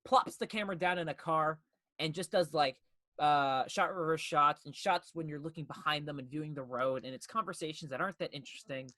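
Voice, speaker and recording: A man co-hosting a casual film podcast, animated and swearing freely as he acts out his reactions. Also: fairly high pitch, a little fast, no echo. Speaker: podcast co-host.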